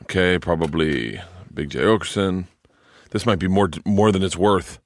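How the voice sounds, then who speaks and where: A man's voice: sits low, normal speed, no echo, clean studio sound. A middle-aged man, a comedian, chatting casually on a podcast, rambling and trailing off as he searches aloud.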